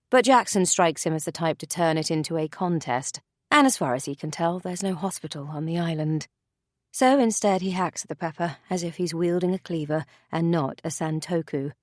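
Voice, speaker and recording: A woman reading a thriller novel aloud as narrator, in a measured, dry storytelling manner. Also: on the low side, no echo. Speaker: audiobook narrator. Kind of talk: scripted narration.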